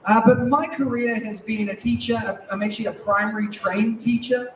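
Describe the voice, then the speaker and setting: High-voiced man with a New Zealand accent. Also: normal speed. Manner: lively, restless, moves around while talking. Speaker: keynote speaker. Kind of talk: conference keynote talk. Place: large conference hall. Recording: echoey hall, distant mic, faint noise.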